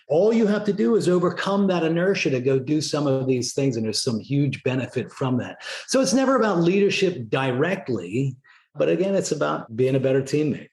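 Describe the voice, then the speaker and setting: In a roomy-sounding recording, a middle-aged man who once led Navy SEALs speaks fairly quickly in a fairly high voice. As a podcast guest in a relaxed interview, he tells lively stories, peppering them with "right?" and "you know."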